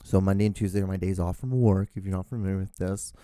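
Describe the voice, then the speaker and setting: A young man born outside the US, yet speaking with a California drawl, hosts a solo podcast in a casual monologue. His voice is low and warm, fairly even in intonation and quick, with rambling delivery full of fillers, restarts and self-corrections. The studio-quality recording has no echo.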